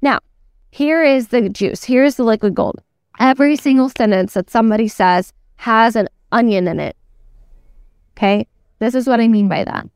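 Woman, sales coach, emphatic, chatty, smooth, dry sound. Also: a little high, darkish tone, no room sound. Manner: emphatic, chatty, lots of "like" and "okay?". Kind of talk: teaching lesson.

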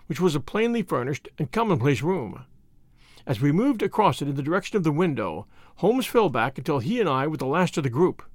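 Brief: expressive male audiobook narrator, lively pitch, close and dry. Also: no room sound. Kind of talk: scripted narration of a classic story.

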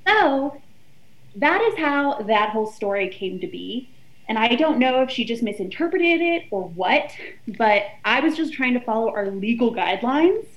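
A woman's voice: a little high, moderate pace, dull audio. A young woman from Texas, a reality show guest, telling her story casually and acting out what her friends said. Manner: animated storyteller who acts out quoted friends.

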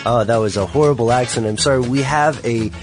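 A man's voice: medium pitch, a little fast, over music. A man co-hosting a casual podcast, bantering in a jokey, upbeat way. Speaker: podcast co-host.

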